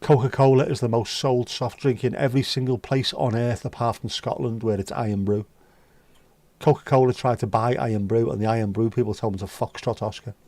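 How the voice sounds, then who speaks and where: A man's voice: mid-range voice, fairly even intonation, a little fast, darkish tone, no room sound. Sweary man chatting on stream. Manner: rambling, sweary and wry. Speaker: livestream host. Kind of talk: casual chat reading viewer comments.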